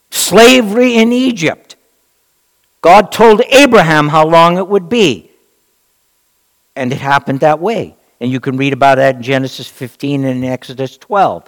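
A man preaching a Bible-teaching sermon in an emphatic, rhetorical way, with dramatic pauses. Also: a little high, big-room sound.

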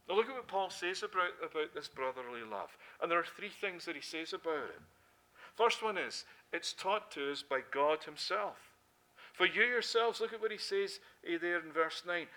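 A Scottish man in middle age delivers a sermon in a voice pitched fairly high for a man. He preaches with emphasis, posing rhetorical questions and answering them himself. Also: sharp tone. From Scotland.

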